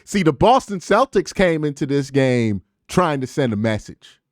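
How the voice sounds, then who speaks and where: A man giving an excited, slangy reaction to a basketball game, with animated emphasis and sound effects. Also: on the high side, normal speed, no echo, clean studio sound. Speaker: sports commentator vlogger. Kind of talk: excited casual sports reaction.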